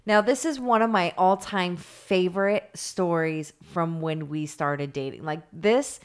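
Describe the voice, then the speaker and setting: A woman co-hosting a casual chat, telling a story in an animated, rambling way, with lots of "like" and swearing. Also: lowish voice, a little slow, clear, resonant tone.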